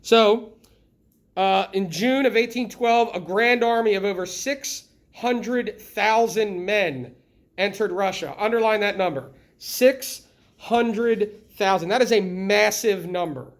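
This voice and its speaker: High-voiced lively male history teacher. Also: slow. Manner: lively, asks the class frequent questions. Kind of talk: classroom lecture.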